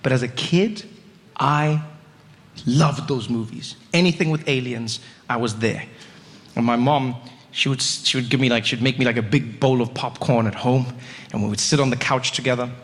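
A young man performing a stand-up comedy routine, telling a story with lively acted-out voices. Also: medium pitch, normal speed, big-room sound.

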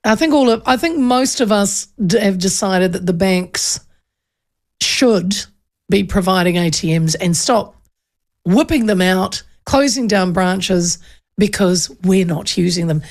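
Kiwi lady radio host rambling on, gravelly fry in her voice, lots of restarts. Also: medium pitch, a little slow, darkish tone. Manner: chatty, rambling storytelling with many restarts. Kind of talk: casual chat.

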